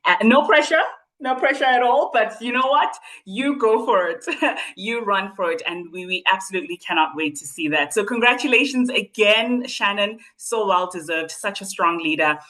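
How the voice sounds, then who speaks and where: A woman's voice: medium pitch, expressive, a bit bright, rough recording. Cheerful woman hosting a business call. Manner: cheerful and encouraging, quick to laugh. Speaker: call host.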